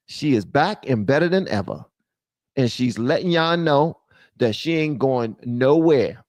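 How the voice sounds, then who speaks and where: Chatting off the cuff with his live chat, this male streamer ranges from loud ranting to quiet muttering, his pitch lively and wide-ranging. He speaks a little slowly, and the audio is close and dry without any echo.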